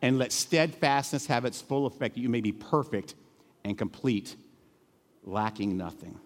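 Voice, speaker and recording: A middle-aged male pastor preaching a sermon in a church, earnest and emotional, dropping to hushed tones and then rising to emphatic peaks. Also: medium pitch, lively intonation, moderate pace, big-room sound. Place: church sanctuary.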